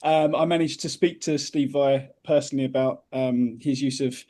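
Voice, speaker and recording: Mellow man giving modest thanks. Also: mid-range voice, fairly even intonation, normal speed. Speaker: jury member and guitarist. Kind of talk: casual ceremony remarks.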